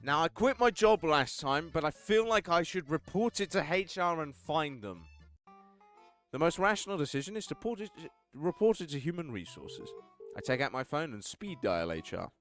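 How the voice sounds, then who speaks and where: A man reading a text game aloud with wry commentary, swinging between deadpan narration and outbursts. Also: fairly high pitch, moderate pace, faint music behind. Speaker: game streamer.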